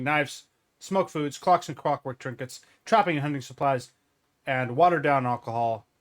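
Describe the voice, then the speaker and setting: A man narrating a tabletop role-play game as game master, rambling with asides. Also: mid-range voice.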